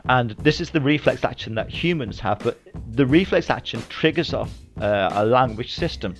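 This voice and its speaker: Male vlogger, even mid pitch, plain-spoken lecturer type, faint music under him. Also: normal speed. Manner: conversational, blunt, swears freely. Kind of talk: casual spoken essay to camera.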